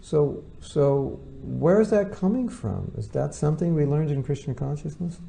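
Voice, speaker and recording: A man gives an informal spiritual lecture in a very mellow, dark voice with a gravelly edge. He talks conversationally and slips into the voices of the people he quotes. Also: on the high side, lively intonation, moderate pace, a little hiss or hum. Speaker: spiritual teacher.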